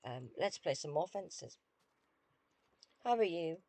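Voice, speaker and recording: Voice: medium pitch, animated, slow, a little mellow, dry recording. Dry, wry British streamer. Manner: dry, self-deprecating, wry. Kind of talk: casual live-stream chat while playing a game.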